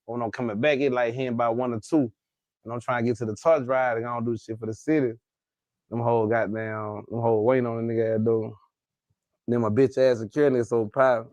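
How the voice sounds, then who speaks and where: A man's voice: mid-range voice, fairly even intonation, fast talker, a little mellow, dry recording. A man with a Southern Alabama accent, telling a story as a guest in a casual interview, loose and slangy.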